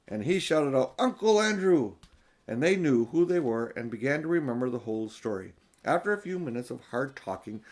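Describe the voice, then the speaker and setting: An older man reads a children's book aloud in a gentle, grandfatherly way. His pitch moves lively through the sentences. His delivery stays expressive and unhurried. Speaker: audiobook narrator. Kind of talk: storybook narration.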